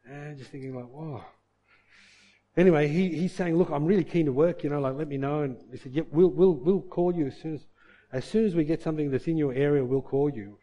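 A man preaching in a relaxed, conversational sermon, breaking into a personal story with many restarts and questions to the congregation. His voice sits a little high for a man. The tone is soft and mellow. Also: muffled recording.

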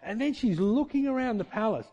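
A man preaching a sermon in a conversational, animated style, full of rhetorical questions and shifts of pace. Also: very high voice, brisk, lo-fi sound. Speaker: pastor.

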